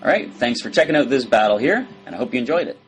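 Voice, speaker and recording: A man's voice: medium pitch, expressive, fast talker, breathy edge. A man hosting a booster pack opening, chatting upbeat and directly to his viewers. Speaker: host of a card game channel.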